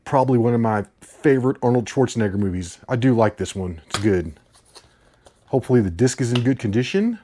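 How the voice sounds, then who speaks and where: A man's voice: mid-range voice, lively intonation, brisk, warm tone, slight background noise. A man hosting a casual unboxing video, talking enthusiastically and rambling with frequent laughs. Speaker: host.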